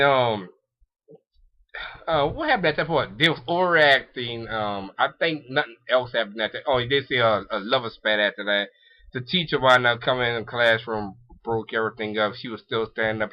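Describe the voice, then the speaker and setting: A man's voice: medium pitch, normal speed. Rambling man recapping an anime episode. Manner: rambling, many ums and restarts, laughs often. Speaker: anime reviewer. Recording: dull lo-fi recording.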